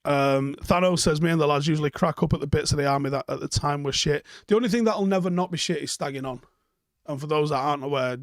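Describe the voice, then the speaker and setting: Guy rambling through chat comments on a live stream, blunt and sweary, kinda raspy fry, fairly high voice. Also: no room sound, clean studio sound. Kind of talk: casual live chat reading viewer comments.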